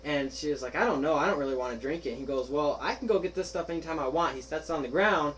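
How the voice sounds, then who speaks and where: A man's voice: on the high side, fast talker, a little hiss or hum, rough recording. Young man telling a story between laughs. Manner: animated, laughing, acts out quoted friends. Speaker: podcast host telling a story. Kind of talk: casual storytelling chat.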